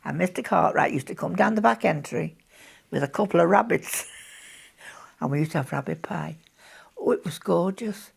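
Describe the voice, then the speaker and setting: A woman's voice: fairly low pitch, moderate pace, gravelly, pauses often, husky. A woman, chatting as she recalls wartime memories in an interview and laughing often. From Birkenhead, England. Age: 80s.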